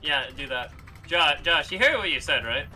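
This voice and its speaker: A man's voice: on the high side, normal speed, faint music behind, poor audio. A young man streaming a video game, chatting casually with a friend, laughing a lot and swearing freely. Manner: giggly, excitable, swears freely. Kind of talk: casual gaming stream chat.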